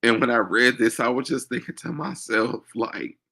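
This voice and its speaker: A man hosting his own show, speaking emotionally in a halting personal monologue with many pauses and fillers. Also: mid-range voice, sharp tone. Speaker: show host.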